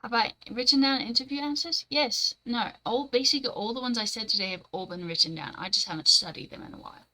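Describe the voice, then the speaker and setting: A young woman streaming from home, chatting casually with her live chat, blunt and quick to swear and laugh. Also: a little high, sharp tone, rough recording.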